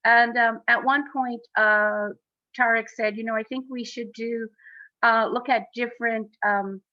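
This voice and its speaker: Woman, earnest, halting, fillers, higher voice, dry muffled video call sound. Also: fairly even intonation, no room sound. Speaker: exhibition co-founder. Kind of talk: speaking on a panel.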